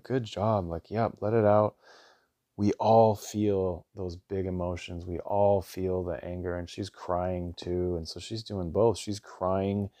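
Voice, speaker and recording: In a dry, clean studio recording, a man in his thirties with a low, mellow voice hosts a podcast. A father, he tells a family story in a casual monologue that's earnest and rambling, full of restarts and "like."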